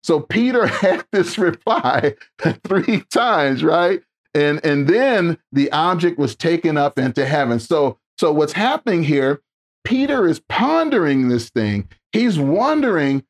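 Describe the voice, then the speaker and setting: Animated male pastor preaching a sermon. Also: measured pace. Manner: animated preaching, acts out quoted voices with rising pitch; repeats words and restarts, calls out to the congregation.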